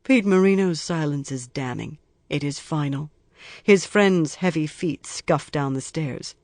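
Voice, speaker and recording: A man reading a crime novel aloud in even, measured scripted narration. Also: fairly high pitch, dry recording, studio quality. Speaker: audiobook narrator.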